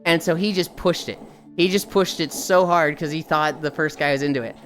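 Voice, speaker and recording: Woman, thirties, livestreamer, animated storytelling, lowish voice, soft music behind. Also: a little fast. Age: 30s. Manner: animated, profane, chatty, greets viewers. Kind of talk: casual storytelling to chat.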